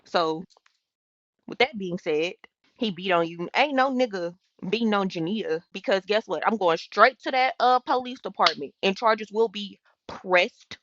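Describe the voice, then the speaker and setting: This casual rant comes from a young woman in Houston streaming to her audience, blunt and full of profanity. Her medium-pitched voice is fairly bright and unhurried, and the audio sounds dull, without echo.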